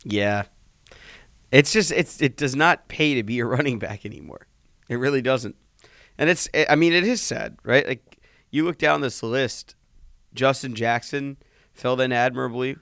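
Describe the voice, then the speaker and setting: A man's voice: mid-range voice, normal speed, fairly bright tone, no room sound, studio quality. A man co-hosting a casual podcast, reacting with short agreements and laughing easily. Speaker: podcast co-host.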